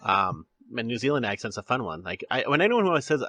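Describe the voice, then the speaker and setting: Man, podcast host, casual rambling chat, frequent laughs, bright voice. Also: mid-range voice, sing-song, quick pace, no echo. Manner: laughs often, rambling with restarts.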